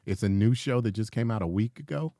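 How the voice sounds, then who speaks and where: A man's voice: fairly low pitch, brisk, dark tone, no room sound, clean studio sound. A middle-aged comedian telling profane stories in casual podcast chat, acting out the people he quotes. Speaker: comedian guest.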